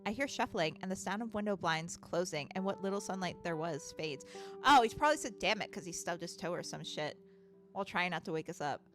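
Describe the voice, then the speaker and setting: A woman's voice: on the low side, animated, brisk, faint music behind. A woman streaming a game, chatting casually, swearing freely and laughing often. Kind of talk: casual gaming commentary.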